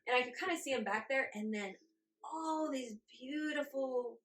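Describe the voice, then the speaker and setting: A woman in her forties, a guest in an interview, telling her story in a lively way, laughing often and acting out her own reactions. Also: high-pitched, moderate pace. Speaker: guest channeler.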